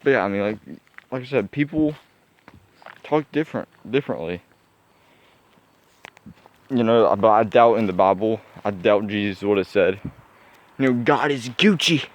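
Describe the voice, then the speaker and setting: A man's voice: lowish voice, normal speed, long pauses, darkish tone. A young man musing aloud in a casual vlog, rambling with many fillers and restarts. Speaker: vlogger. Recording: dull lo-fi sound.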